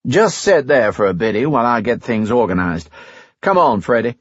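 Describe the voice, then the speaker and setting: An audiobook reader voicing an easygoing American pilot with a slow drawl. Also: male voice, mid-range voice, slightly rough, dry recording, muffled recording. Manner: drawling, relaxed.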